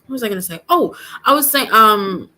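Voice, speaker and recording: A woman's voice: medium pitch, expressive, a little fast, pushed and bright, a little hiss or hum. A woman co-hosting a casual podcast, opinionated, often laughing and trailing off. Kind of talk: casual chat.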